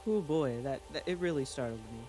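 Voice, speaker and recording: A man tells a spooky story in a casual, excitable way, stumbling over restarts and exclaiming often. His voice sits a little high and swings widely in pitch. Music plays clearly behind him. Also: fairly quick. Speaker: channel host.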